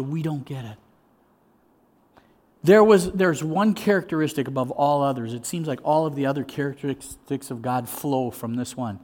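A middle-aged pastor delivers a sermon, his medium-pitched voice moving between loud, animated storytelling and slow, quiet emphasis.

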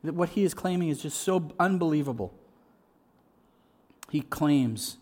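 A middle-aged pastor with a slightly high voice preaches a sermon. He swings from loud, lively storytelling to hushed, slow emphasis.

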